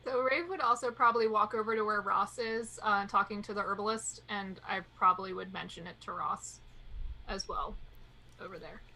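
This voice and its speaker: Bright-voiced woman player. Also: medium pitch, moderate pace, poor audio. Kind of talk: casual tabletop game chat.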